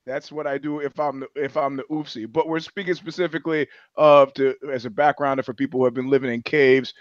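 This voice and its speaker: A male podcast co-host chats in a casual, comedic way, rambling, swearing, putting on voices, and often restarting his sentences. His voice is medium-pitched with a steady tone and brisk pace, in a dry, lo-fi recording.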